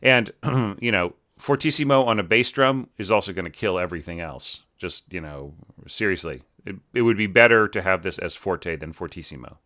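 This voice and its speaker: A man with a low voice and a bright, forceful edge talks through a score as an orchestration teacher. He thinks out loud, restarting sentences and tagging them with "right?" and "you know". It sounds like an unscripted desktop-mic review. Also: expressive, moderate pace, few pauses. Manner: thinking aloud with many fillers and restarts. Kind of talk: casual spoken score review.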